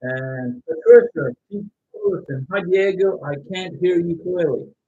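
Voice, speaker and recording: A middle-aged man hosting a casual livestream, loudly reading out viewer comments and giving advice, at times yelling. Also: sits high, unhurried, husky, no room sound, highs cut off. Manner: loud, animated, at times yelling. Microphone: home microphone with interference noted by viewers.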